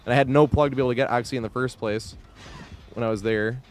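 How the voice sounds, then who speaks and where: Here a man gives live gameplay commentary in a mid-range voice that holds a steady tone at a quick pace. Chatting casually with his viewers as he plays, he swears freely, laughs a lot, and thanks his supporters.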